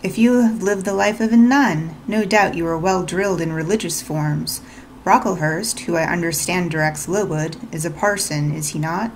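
A woman reading the lines of a brusque, commanding gentleman from a storybook read-aloud. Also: fairly low pitch, normal speed, slight background noise, natural voice, rough recording. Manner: curt, questioning, commanding. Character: brusque commanding gentleman, middle-aged man.

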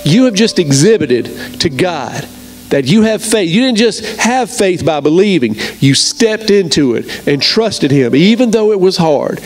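A man's voice: high voice, animated, a little slow, faint music behind. A man preaching a sermon straight to the camera as pastor, in an earnest, emphatic way.

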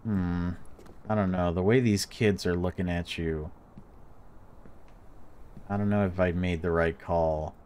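A man's voice: low voice, steady tone, measured pace, pauses often, a little mellow, slight background noise. A man giving let's-play commentary on a horror game, jumpy and reactive, swearing when startled. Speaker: gaming YouTuber.

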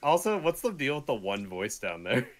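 A man's voice: mid-range voice, big pitch swings, normal speed. A man joking around on a gaming stream in a goofy, laughing manner. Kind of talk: casual gaming stream chat.

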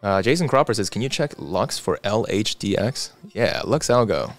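Male streamer, low voice, laid-back chat reader, faint background music. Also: normal speed. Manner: relaxed, reads chat aloud, chatty asides. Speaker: livestream host. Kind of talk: casual livestream chat reading comments.

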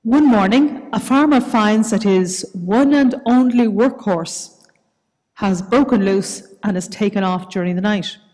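A woman with a Northern Irish accent leading worship and reading scripture aloud in a church service, slow, measured and soft-spoken. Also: medium pitch. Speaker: worship leader. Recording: reverberant church hall.

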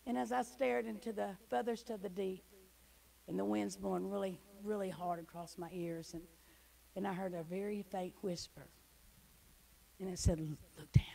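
Gravelly-voiced woman giving testimony. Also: mid-range voice, steady tone, moderate pace, rough recording. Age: middle-aged. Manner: emotional storytelling, swinging from hushed to loud. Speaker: guest speaker. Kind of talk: church testimony. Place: church hall.

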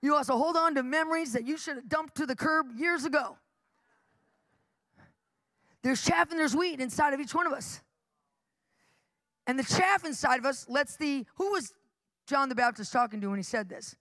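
A middle-aged woman preaching live with animated storytelling, laughing often and acting out the people in her stories. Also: high-pitched, moderate pace, long pauses, no echo.

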